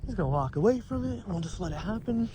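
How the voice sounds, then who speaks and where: A young man hosting a ghost-hunting vlog, calling out to spirits in a hushed, nervous way outdoors at night by a bridge in the woods. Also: high voice, lively intonation, fast, background noise. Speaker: paranormal investigator and host.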